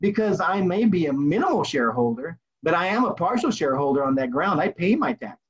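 A man from Texas and Idaho holds forth bluntly, firing off rhetorical questions and answering them himself. His voice sits a little high. The audio is dull and lo-fi, as if it came over a weaker remote line. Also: sing-song, fairly quick, breathy edge. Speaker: podcast guest. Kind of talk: casual chat.

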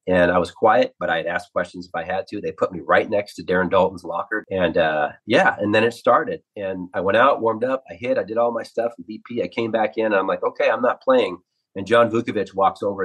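Man in his 50s, ex-ballplayer guest, husky lower voice, lively storyteller. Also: rough recording. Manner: animated anecdotes, acts out quotes. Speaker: former ballplayer, radio analyst. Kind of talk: storytelling interview.

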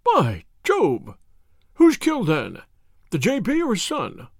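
A man voicing a bluff, hearty old army colonel who talks briskly and emphatically. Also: sits high, wildly swooping pitch, dry recording, studio quality, pitched above the performer's own voice, full character voice.

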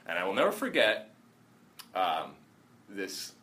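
Bright-voiced man telling rambling stories. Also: deep voice, sing-song. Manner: rambling, halting anecdotes with many fillers and restarts. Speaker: former national team soccer player. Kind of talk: casual storytelling chat.

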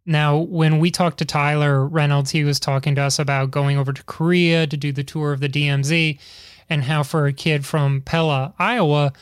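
A man's voice: a little high, fairly even intonation, normal speed, smooth, dry recording, studio quality. A man hosting an interview, asking long, rambling questions with chatty asides. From Chicago area. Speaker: podcast host. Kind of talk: casual interview.

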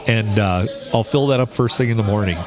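A man's voice: lowish voice, brisk, over music. A man co-hosting a podcast, telling stories and complaining wryly in casual banter. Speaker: podcast co-host.

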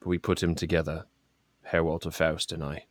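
A grave, formal adventurer, played by a man in a tabletop game, lays things out in a deep, low voice. He speaks solemnly and plainly. The sound is dry, with no room around it. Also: level tone, normal speed, dry recording. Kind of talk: tabletop role-play in character.

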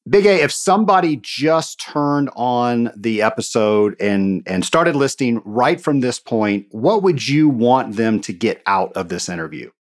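A man's voice: mid-range voice, sing-song, a little slow, hardly any pauses. A man hosting a podcast, asking a guest questions in an upbeat, friendly way. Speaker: podcast host. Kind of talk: interview questions.

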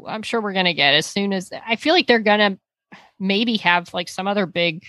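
A woman's voice: mid-range voice, moderate pace, sharp tone, no room sound. A woman co-hosting a podcast in casual chat, talking in loose, rambling runs that she restarts often. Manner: chatty, trails off and restarts, playful sound effects. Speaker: podcast co-host.

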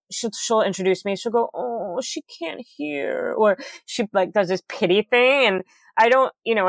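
A middle-aged woman guest in a casual interview, talking candidly with a loud, booming voice and careful enunciation. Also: no room sound.

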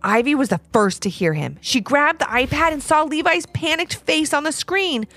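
A woman host narrating a children's story in an expressive, animated way. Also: high-pitched, normal speed, faint music behind.

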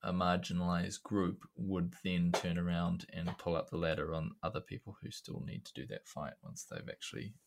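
A man's voice: low-pitched, flat delivery, normal speed, creaky, few pauses, noisy background. A man with a New Zealand accent, a podcast guest telling stories in casual chat, dry and often laughing. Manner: dry, laughing, rambling storyteller.

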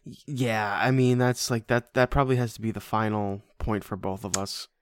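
A man co-hosting a casual podcast, animated and joking, swearing freely. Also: fairly low pitch, normal speed, smooth, no room sound. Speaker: podcast co-host.

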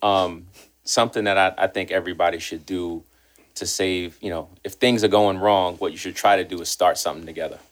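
A man in a casual group chat calmly offering advice and wrapping things up. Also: deep voice, fairly quick.

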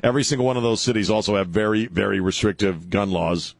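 A man's voice: on the low side, fairly even intonation, fast, creaky, no echo. A man hosting a talk radio show, rambling and sarcastic, stopping and restarting with lots of fillers. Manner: rambling, sarcastic, self-interrupting, many fillers. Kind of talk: opinionated talk radio monologue. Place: radio studio. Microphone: studio microphone.

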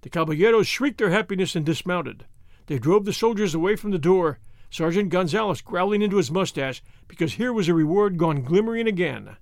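A man narrating an audiobook in an expressive storytelling manner. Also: sits high, brisk, dry recording, clean studio sound. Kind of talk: scripted narration.

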